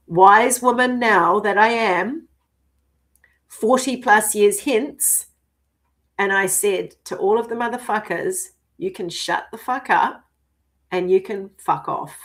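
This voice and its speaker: A woman in her fifties, a spiritual coach speaking in a vlog monologue, emphatic and profane, dropping to hushed whispers between loud declarations. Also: mid-range voice, takes it slowly. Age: 50s.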